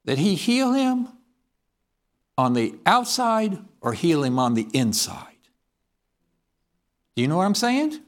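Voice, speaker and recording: A man preaches a sermon, reading scripture aloud in King James wording and putting questions to the congregation. His high voice is very animated, and he goes slowly with frequent pauses.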